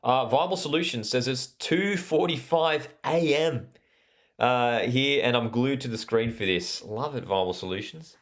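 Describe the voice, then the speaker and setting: Speaking at a measured pace in a medium pitch, this young Australian watchalong host keeps up chatty commentary during a live football match. He reads viewer comments aloud and leans heavily on fillers.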